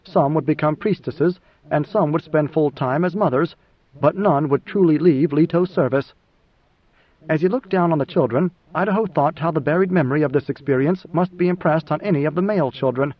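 A man reads an audiobook in a measured, even storytelling manner. His voice sits high for a man, and the recording has a dull, lo-fi tone. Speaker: audiobook narrator. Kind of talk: scripted audiobook narration.

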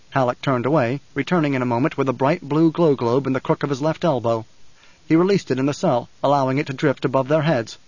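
A man narrating a novel in a measured, even storytelling manner. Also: medium pitch, dry recording, muffled recording. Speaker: audiobook narrator. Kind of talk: scripted narration.

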